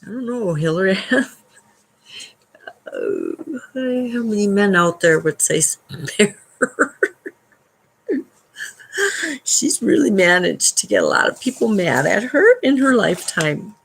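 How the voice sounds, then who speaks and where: A woman's voice: mid-range voice, huge pitch swings, slow, vocal fry, long pauses, breathy edge, low-quality recording. A woman hosting a live stream at home, reading a book aloud and adding wry commentary, laughing often between passages.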